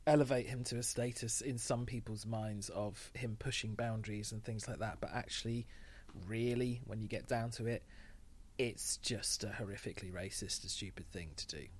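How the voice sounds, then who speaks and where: A man co-hosting a podcast, talking casually in a measured, slightly hesitant way. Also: lowish voice, steady tone, husky. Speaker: podcast co-host.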